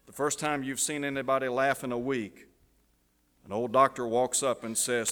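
A man preaching a dramatic sermon illustration, dropping to a hush at the tense moments. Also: mid-range voice, flat delivery, moderate pace, smooth. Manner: dramatic, drops to a hush at emotional peaks. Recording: long hall reverb.

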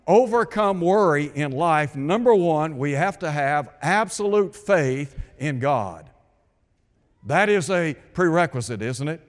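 A man preaching a radio sermon, asking rhetorical questions and repeating his points for emphasis. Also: a little high. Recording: long hall reverb.

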